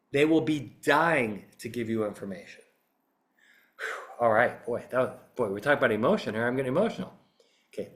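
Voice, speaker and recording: A man who is a litigation psychologist, giving an animated, emphatic instructional talk on a podcast. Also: mid-range voice.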